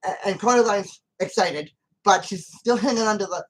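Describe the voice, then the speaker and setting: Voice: mid-range voice, normal speed, low-quality recording. A channel host talking through a film scene in loose, casual commentary. The delivery rambles and circles back, with frequent false starts, and it turns emphatic when arguing with the character. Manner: rambling and repetitive, with many restarts.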